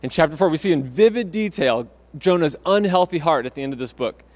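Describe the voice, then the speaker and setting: A man's voice: on the high side, expressive, a little fast. A man preaching a sermon in a conversational way, often restarting phrases and acting out quotes from the text. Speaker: pastor.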